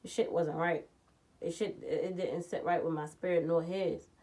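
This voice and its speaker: A woman vlogger telling a personal story in a blunt, profane, animated way, jumping from loud outbursts to low muttering. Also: moderate pace. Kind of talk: casual storytime vlog.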